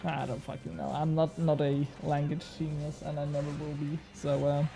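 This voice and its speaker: A man's voice: on the high side, little pitch movement, moderate pace, vocal fry, mellow, soft background music. A young man streaming a game, chatting casually and bantering with his chat, swearing now and then.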